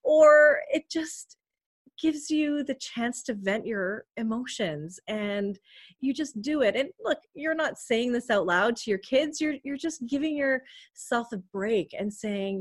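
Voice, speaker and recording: A woman's voice: a little high, lively intonation, takes it slowly. A middle-aged woman hosting a parenting podcast from her home office, coaching listeners in an earnest tone and often checking in with "right?". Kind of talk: podcast monologue.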